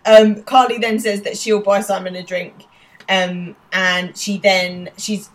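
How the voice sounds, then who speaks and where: A woman's voice: mid-range voice, level tone, slow. A woman co-hosting a podcast, chatting casually and laughing as she recaps a TV episode. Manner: chatty, laughing, many "like" fillers. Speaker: podcast co-host.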